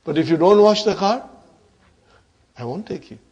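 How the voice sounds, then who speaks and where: A man's voice: sits high, expressive, moderate pace, a little mellow, breathy edge, muffled recording. A middle-aged man teaching an Arabic grammar class in English, often checking whether the students follow and laughing between points. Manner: repeats "are you with me" and "huh" to check the class.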